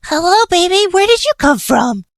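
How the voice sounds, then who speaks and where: A woman voicing an excitable young male skeleton who coos and pleads over kittens. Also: very high voice, moderate pace, no room sound, studio quality, voice pushed up, full character voice. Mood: cooing. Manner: gushing, squealing, pleading.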